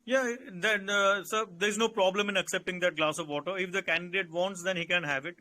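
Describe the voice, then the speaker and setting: A man with an Indian English accent coaches candidates in a calm, instructive way and circles back to restate his points. His voice sits high and sounds bright and forward. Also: fairly quick. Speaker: interview coach. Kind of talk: advisory Q&A session.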